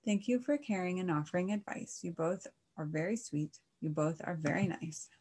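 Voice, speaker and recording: A woman's voice: on the low side, normal speed, a little mellow, slightly rough. A woman doing a glum young cow. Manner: glum, plaintive. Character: sad gloomy young male cow.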